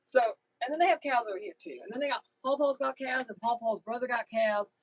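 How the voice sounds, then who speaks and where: The host of a casual YouTube livestream, a woman with a New Jersey–Tennessee accent, talks fast in a husky, slightly high voice while rambling and reading viewer comments. There's no room sound, but the recording itself is rough.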